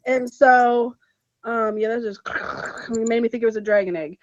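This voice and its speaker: A woman on a podcast, telling a story in an animated, emphatic way and laughing as she goes. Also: fairly high pitch, unhurried. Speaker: podcast co-host. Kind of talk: casual storytelling chat. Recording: dull, slightly muffled podcast audio.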